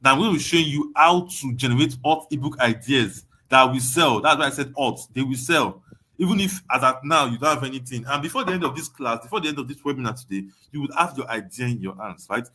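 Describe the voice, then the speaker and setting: A man's voice: mid-range voice, animated, fast, bright, forceful tone, husky. Emphatic Nigerian man teaching a webinar. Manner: emphatic, repeats phrases, asks "you understand?". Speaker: online course tutor.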